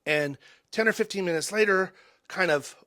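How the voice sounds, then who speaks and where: A man in his forties, a podcast guest telling personal stories in an earnest, halting way, often restarting and dropping soft and quiet. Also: high-pitched. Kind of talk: reflective personal storytelling.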